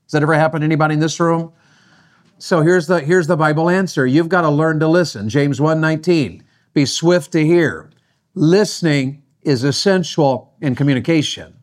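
A man's voice: on the high side, normal speed. A middle-aged man preaching a sermon on marriage, folksy and often asking his audience questions. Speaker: pastor.

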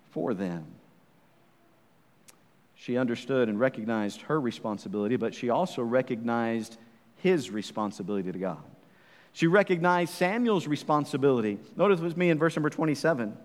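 A man preaching a sermon in a church, fervent and full of rhetorical questions, swinging from hushed to loud. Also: on the high side, big-room sound. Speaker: pastor.

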